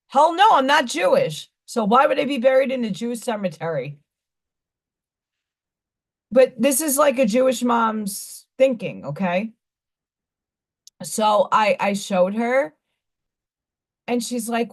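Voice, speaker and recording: Woman, slightly high voice, live-stream host, rambling candid chat, blunt asides. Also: lively intonation, measured pace. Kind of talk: casual chat.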